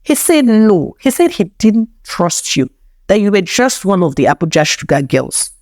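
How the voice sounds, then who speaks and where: A wounded young groom rebukes his bride in reproachful, accusing tones, played by a woman storyteller. The delivery swings widely in pitch, in a dry, close recording. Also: very animated, normal speed, a little mellow, dry recording.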